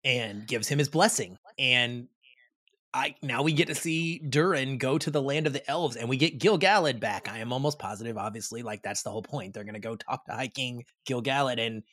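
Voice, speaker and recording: A man co-hosting a podcast in casual chat, recapping excitedly in rambling sentences. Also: medium pitch, a little fast, few pauses, no room sound, studio quality. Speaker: podcast co-host.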